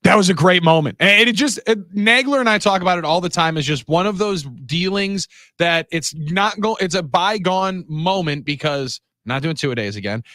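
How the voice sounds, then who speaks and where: A man with a somewhat high voice hosts sports radio, chatting in quick, rambling bursts. The sound is close and dry, straight off a studio microphone. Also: lively intonation, sharp tone, no room sound. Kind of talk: casual sports radio talk.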